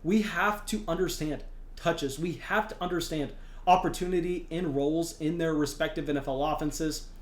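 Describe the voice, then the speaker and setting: An energetic young man hosts a fantasy football show, pushing hard on his points and repeating words for emphasis. His voice sits slightly high. The room around him rings with a noticeable echo. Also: moderate pace. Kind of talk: excited sports analysis monologue.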